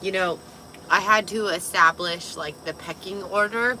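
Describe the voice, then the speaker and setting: A woman hosting a casual livestream, a little tipsy and hoarse, gushing and swearing as she reads viewer comments. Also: lowish voice, measured pace, background noise. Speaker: livestream host.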